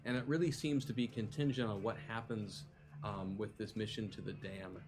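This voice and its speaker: A man narrating a tabletop game as game master, with animated narration that turns halting and full of fillers when he improvises. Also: fairly low pitch, music in the background.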